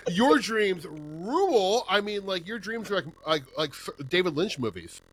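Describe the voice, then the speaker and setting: Lively, laid-back podcast host man. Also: sits high, unhurried, slight background noise. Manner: laid-back, reacts with gasps and laughter. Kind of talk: casual chat.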